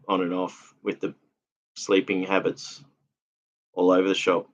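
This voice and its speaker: Low-voiced tired man hosting a livestream, chatty and halting, dull lo-fi sound. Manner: rambling, halting, lots of fillers and restarts, laughs often. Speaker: livestream host reading chat comments. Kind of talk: casual livestream chat.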